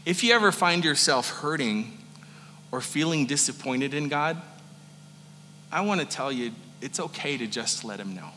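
A male pastor preaching a sermon in a conversational manner, moving from joking asides to hushed earnestness. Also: medium pitch, animated, normal speed, in a large hall, a little hiss or hum.

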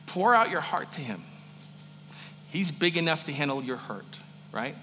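A male pastor preaching a sermon in a conversational manner, moving from joking asides to hushed earnestness. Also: fairly high pitch, very animated, measured pace, in a large hall, slight background noise.

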